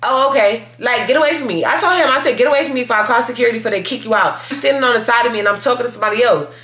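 A woman's voice: a little high, racing, fairly bright tone, echoey room. Slangy chatty young woman vlogger. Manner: chatty, slangy, says "y'all" constantly. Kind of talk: casual vlog chat.

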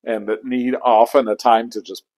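A man who conducts choirs, speaking reflectively in an interview and acting out inner voices with sudden high exclamations. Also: flat delivery, moderate pace, a little mellow, rough recording. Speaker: choral conductor. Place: church.

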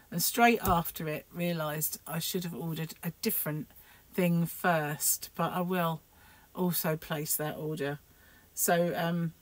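A woman's voice: low voice, no echo. A middle-aged woman, chatting to camera in a rambling, self-deprecating way. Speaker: crochet vlogger. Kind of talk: casual chat to camera.

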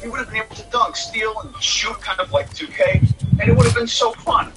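A man narrates a gaming video from a script, his voice sitting high and leaping up and down constantly. He sounds chatty and opinionated. Loud music plays behind him the whole time. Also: wildly swooping pitch, fairly quick, vocal fry. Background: loud background music.

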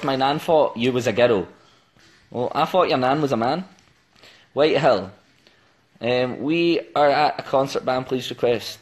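A young man from England on a phone live stream, chatting playfully and giggling as he tries out silly accents. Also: mid-range voice. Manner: playful, giggly, jumps between joke accents. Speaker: band member hosting a live stream. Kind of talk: casual chat doing silly accents.

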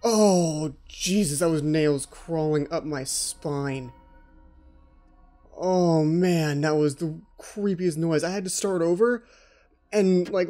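Nervous gamer guy, mellow voice, yelps and mutters through a scary game. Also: fairly high pitch. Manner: jittery, talks to himself, frightened outbursts. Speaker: let's play host. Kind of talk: horror game commentary.

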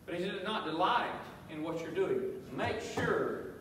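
A pastor preaches with emphasis in a church sanctuary, using repetition and call-and-response with the congregation. His voice is high-pitched, unhurried, and fairly bright, heard from far off in an echoey hall with a little hiss or hum.

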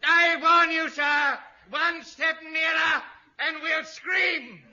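An actor playing a blustering, cowardly old army major who splutters and rants, in 1950s radio comedy style. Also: male voice, very high voice, slow, pushed and bright, slight background noise, exaggerated voice. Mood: panicky. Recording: old lo-fi radio recording with live audience.

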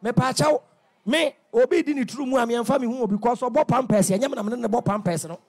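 Ghanaian male radio host, very high raspy voice, loud sing-song preaching. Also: quick pace. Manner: animated, sing-song and shouting, acts out market scenes. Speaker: radio talk show host. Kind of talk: lively preaching on radio, mixing local language with English. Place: radio studio.

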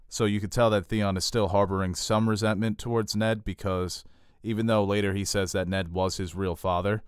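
A man's voice: on the low side, clean tone, dry recording, clean studio sound. A man co-hosting a podcast, recapping a TV episode in casual chat and joking with his co-host. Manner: jokey, animated recapping with quick quoted impressions. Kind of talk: casual chat about a TV show.

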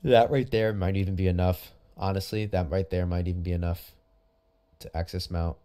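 A man's voice: sits low, moderate pace. A man commenting on jiu-jitsu rounds as a coach, casual and chatty, giving pointers and praise. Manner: animated, coaching, chatty asides.

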